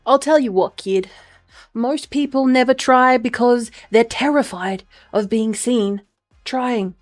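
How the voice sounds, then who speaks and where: A woman's voice: on the high side, slow pace, soft background music. A woman doing a wise old mobster mentor. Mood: knowing. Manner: gruff, drawling, calls the listener kid.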